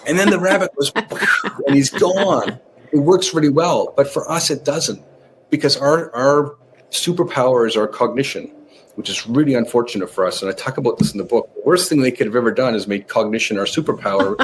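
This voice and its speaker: A man's voice: medium pitch, a little fast, slight background noise. A man guesting on a podcast, explaining his ideas casually and acting out little examples as he goes. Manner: explains with animated acted-out examples. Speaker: guest author on nervous system training. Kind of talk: conversational podcast interview.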